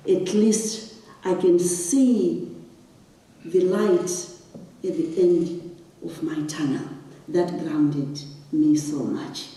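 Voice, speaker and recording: A woman's voice: on the low side, steady tone, drawn-out words, long pauses, dark tone. A woman from Zimbabwe giving a talk on stage, telling a personal story with emotion and building to impassioned questions. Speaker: guest speaker. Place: large hall. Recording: echoey hall, distant mic.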